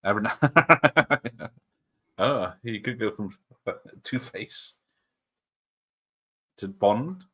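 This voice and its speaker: A man's voice: on the low side, slow, pauses often, fairly bright tone, husky. A man hosting a casual film watch party online, joking and rambling with frequent laughs. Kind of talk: casual chat over a film.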